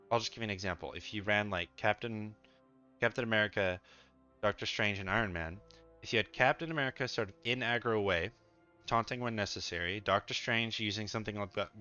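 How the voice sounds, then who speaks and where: A gaming content creator with a lowish, bright, forceful voice offers loose, chatty tier-list commentary, thinking aloud with fillers and restarts. He sounds a bit sleepy and yawns. The audio is smooth but the highs are cut off.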